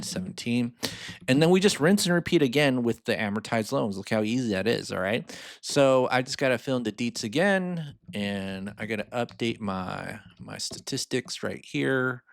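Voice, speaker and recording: A man's voice: medium pitch, expressive, moderate pace, gravelly, no echo. An upbeat man teaching a finance lesson over a screen share, reading figures aloud twice and checking in with the viewer. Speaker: finance mentor. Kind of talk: screen-share spreadsheet tutorial.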